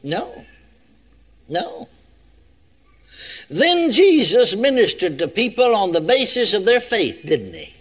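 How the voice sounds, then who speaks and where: A man's voice: high-pitched, huge pitch swings, slow pace, long pauses, fairly bright tone. An older man preaching a sermon in a folksy way, often putting rhetorical questions to his congregation.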